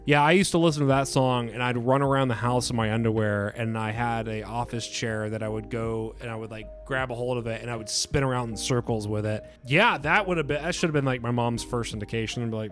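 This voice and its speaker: A man's voice: mid-range voice, a little fast, few pauses, a bit bright, soft background music. A man chatting casually to his viewers as he reads quiz items aloud. He rambles, hesitates and swears freely. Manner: profane, rambling, hesitant with filler words. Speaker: YouTuber taking an online quiz.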